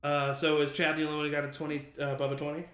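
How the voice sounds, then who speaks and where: A man narrating as game master in a relaxed way, with many fillers. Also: a little high, racing, echoey room.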